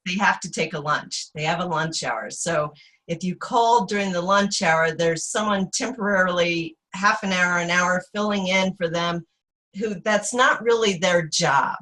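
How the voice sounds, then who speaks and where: A woman gives practical advice in a plain, matter-of-fact way. Her voice sits low for a woman. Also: unhurried, bright, forceful tone, low-quality recording. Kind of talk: casual webinar advice.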